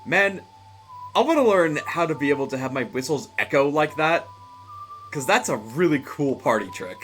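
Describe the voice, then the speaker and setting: Homme bavard qui commente un jeu. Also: male voice, fairly high pitch, lively intonation, normal speed, fairly bright tone, faint music behind. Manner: chatty, rambling, laughs often, many fillers. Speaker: game streamer. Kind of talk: casual live-stream commentary.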